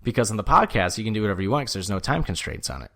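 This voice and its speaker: A man's voice: on the low side, very animated, racing, gravelly, a bit bright. A man co-hosting a podcast, telling a story in casual chat with a loose, swearing manner. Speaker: podcast co-host.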